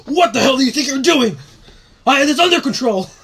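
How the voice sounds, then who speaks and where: A man voicing an angry middle-aged male police officer who yells and accuses in a tabletop game. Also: extremely high pitch, expressive, fairly quick, noisy background, pitched above the performer's own voice. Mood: yelling angrily. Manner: yelling, accusing.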